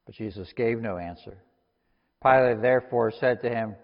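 A man's voice: lowish voice, normal speed. Man reading scripture in a reverberant hall. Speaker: scripture reader. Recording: long reverb, dull lo-fi sound.

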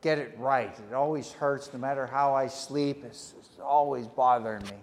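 A man's voice: mid-range voice, moderate pace. A man preaching a sermon as pastor, telling a story and often repeating words as he starts a phrase. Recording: echoey hall reverb.

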